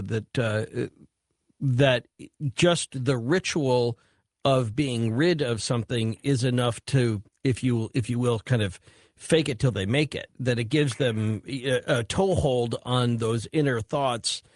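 A man hosting a late-night call-in radio talk show, chatty and quick to jump in. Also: mid-range voice, no echo, clean studio sound. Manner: relaxed, chatty, quick to interject. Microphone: studio microphone.

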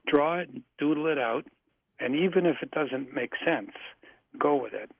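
A man guest on a radio talk show, calmly coaching listeners, repeating himself, self-assured. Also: on the high side, normal speed, vocal fry, breathy edge, no echo. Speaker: psychic guest. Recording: dry, tinny phone line.

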